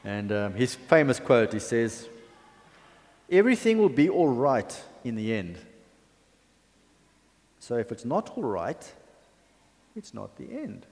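A man's voice: mid-range voice, very animated, takes it slowly, pauses often, darkish tone. A man preaching a sermon in a conversational, chatty way, with asides and fillers. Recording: long hall reverb.

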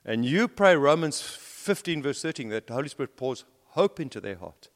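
A very animated preacher speaks at a moderate pace, telling stories in a sermon that climbs to emphatic, rising peaks and falls to hushed lows. His voice echoes through a church hall with long, trailing reverb.

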